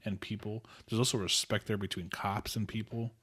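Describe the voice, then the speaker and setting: A man's voice: fairly low pitch, little pitch movement, moderate pace, a bit bright, slightly rough. A man hosting a podcast, chatting casually and announcing the show in an easygoing way. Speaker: podcast host.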